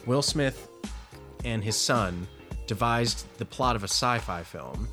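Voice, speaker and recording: A man's voice: medium pitch, slow pace, sharp tone, faint music behind. A young man co-hosting a casual comedy movie podcast, rambling with lots of fillers and restarts. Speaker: podcast co-host.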